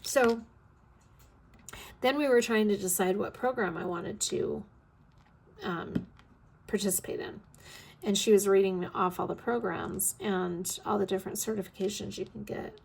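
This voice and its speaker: A woman's voice: medium pitch, unhurried, gravelly, long pauses. Tired, chatty woman in her fifties. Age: 50s. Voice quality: scratchy throat. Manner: rambling, chatty, with frequent ums and yawns. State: tired, yawning. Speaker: vlog host. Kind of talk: casual chat while crafting.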